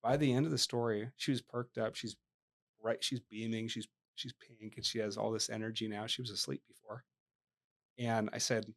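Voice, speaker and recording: Sales guy on a podcast telling a story, kinda gravelly and low, super animated, throws in "right?" constantly. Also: moderate pace. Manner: animated, tags sentences with "right?". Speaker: guest, sales professional and real estate agent.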